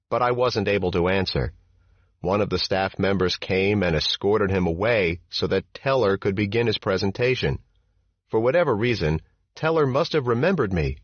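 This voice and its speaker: A man narrating an audiobook memoir in the first person, with measured, steady storytelling. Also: on the low side, no room sound. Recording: dull, dry audiobook recording.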